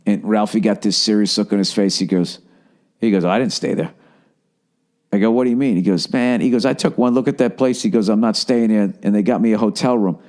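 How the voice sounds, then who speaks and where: A man in his forties with a Boston accent, rambling through a profane, casual podcast monologue, dropping to low mumbles and rising to loud bursts. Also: steady tone, fairly quick. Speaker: podcast host.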